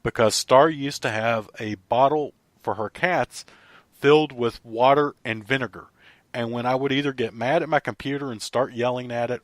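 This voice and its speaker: A man co-hosting a podcast, chatting casually and telling animated stories with frequent laughter. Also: medium pitch, no echo. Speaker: podcast co-host and producer.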